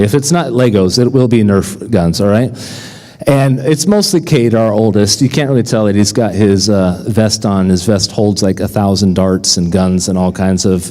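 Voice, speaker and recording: A man's voice: lowish voice, dark tone. A male pastor in his thirties preaching a sermon. He tells stories conversationally and keeps checking in with the congregation with "right?" and "okay?". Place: church sanctuary. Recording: long reverb of a church hall.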